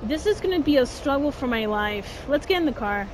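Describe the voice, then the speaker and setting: Woman gaming host, high voice, unhurried, chatty and exasperated, noisy game sound behind. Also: animated, a little mellow. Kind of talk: casual let's-play commentary.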